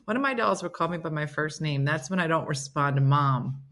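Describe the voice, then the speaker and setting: A woman in her fifties hosting a live phone stream, telling family stories in a chatty, animated way and reading out viewer comments. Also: low voice, brisk. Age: 50s. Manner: chatty, animated, rises sharply when excited. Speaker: livestream host. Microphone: phone camera.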